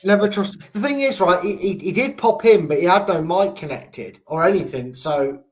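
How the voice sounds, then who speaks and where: English male host, casual and jokey football chat, slightly raised pitch. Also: animated, moderate pace. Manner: chatty, jokey, rambling with restarts. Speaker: fan channel host.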